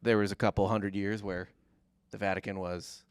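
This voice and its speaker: A man's voice: low-pitched, little pitch movement, normal speed, clear, resonant tone, no echo. A man co-hosting a podcast, casually telling history with jokes and occasional mock accents. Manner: jokey, slips into mock accents. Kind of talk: casual comedic history chat.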